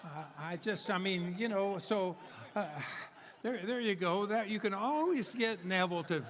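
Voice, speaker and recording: An older man preaching in a church, telling jokes in a loose, rambling way full of restarts and fillers. His voice sits a little high for a man. A long hall reverb trails his words. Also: expressive, moderate pace, fairly bright tone. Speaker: guest preacher. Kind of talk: humorous sermon storytelling. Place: church sanctuary.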